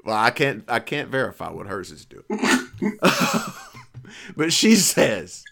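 A middle-aged man telling a long, profane story in casual chat, animated and playful. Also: lowish voice, measured pace, gravelly.

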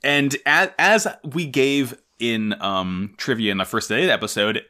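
A man's voice: mid-range voice, moderate pace. A man co-hosting a podcast, chatting casually with lots of laughter and playful enthusiasm. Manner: animated, laughing, jokey fan enthusiasm. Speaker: podcast co-host. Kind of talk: casual chat.

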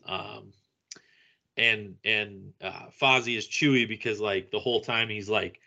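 A man's voice: lowish voice, steady tone, unhurried, vocal fry, pushed and bright, highs cut off. A man in casual podcast chat, rambling a little, laughing often and searching for names as he talks.

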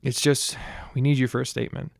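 A man voicing a young male campus officer in an audiobook, speaking haltingly and awkwardly. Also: mid-range voice, flat delivery, vocal fry, dry recording, studio quality.

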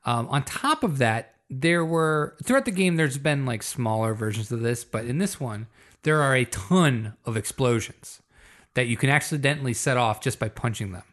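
A man hosting a casual chat about a video game, animated and laughing often. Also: medium pitch, moderate pace.

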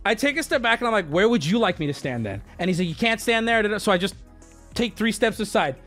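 A man's voice: high voice, fast talker, faint music behind. A man telling a story in a casual, profane way, acting out both sides of a conversation. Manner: animated, profane, acts out both sides of the exchange.

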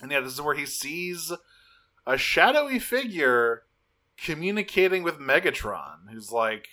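A man's voice: fairly high pitch, big pitch swings, measured pace, pushed and bright. A man co-hosting a podcast, chatting casually through a cartoon recap, rambling with fillers and restarts. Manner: rambling, frequent fillers and restarts, laughs often. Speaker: podcast co-host.

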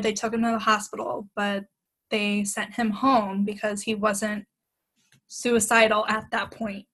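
A woman's voice: medium pitch, low-quality recording. A young woman, a podcast guest, retelling a bad date in casual chat, acting out quoted lines and laughing often.

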